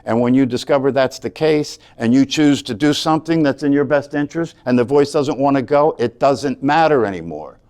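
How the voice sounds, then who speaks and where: A man's voice: medium pitch, fairly even intonation, a little fast, few pauses, a little mellow, clear, resonant tone. Earnest man teaching a meditation class. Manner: earnest, repetitive, asks "right?" often. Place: class room.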